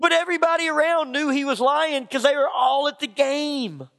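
High-voiced pastor in a reverberant hall. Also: male voice, normal speed, creaky, a bit bright. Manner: folksy storytelling, acts out quotes. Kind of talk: sermon. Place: church sanctuary. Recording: long reverb of a church hall.

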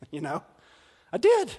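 A man, a pastor, preaching a sermon with animated storytelling and frequent laughter. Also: high voice, takes it slowly, slightly rough. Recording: long reverb of a large hall.

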